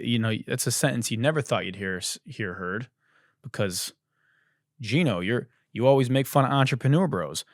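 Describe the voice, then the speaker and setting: A male comedy podcast host whose pitch leaps and swoops as he rants, swearing freely and playing up his outrage. His mid-pitched voice sits close and dry on the mic, with no room sound around it. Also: dry recording. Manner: animated, profane ranting. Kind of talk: comedic monologue.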